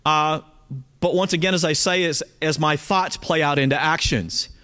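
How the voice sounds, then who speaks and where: A man's voice: a little high, normal speed, pushed and bright. A man teaching a Bible study in a conversational, earnest way, often checking in with his listeners.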